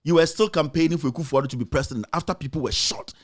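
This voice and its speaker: A talk show host with a Ghanaian accent and a slightly high voice delivers passionate political commentary at rapid-fire speed. He answers his critics directly, repeating rhetorical questions at them.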